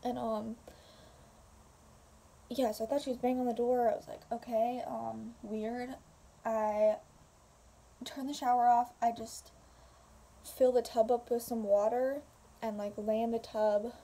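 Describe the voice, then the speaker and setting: A woman's voice: a little high, little pitch movement, measured pace, creaky, pauses often, warm tone. A young woman casually telling a story to camera at home, rambling with fillers and swearing. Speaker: vlogger. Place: home room.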